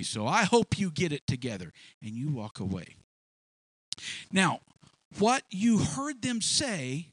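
A man's voice: high-pitched, a bit bright, no room sound, low-quality recording. A man preaching a sermon, repeating words often and acting out both sides of imagined conversations. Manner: repeats words, acts out dialogue in quoted voices.

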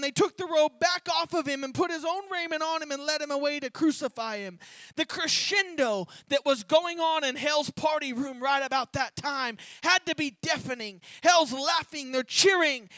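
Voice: high voice, pushed and bright, no room sound. A preacher giving a sermon as a vivid dramatic retelling, often repeating words as they restart a thought.

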